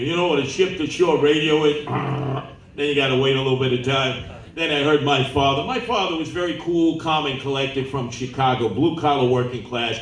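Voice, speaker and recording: A man's voice: mid-range voice, moderate pace, recorded from a distance, slight background noise. New man in his 70s, spinning yarns. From New York City. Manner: animated storyteller who acts out quoted people. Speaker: political candidate at a town hall. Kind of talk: campaign town hall storytelling. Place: large indoor meeting room. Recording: roomy hall, voice off-mic.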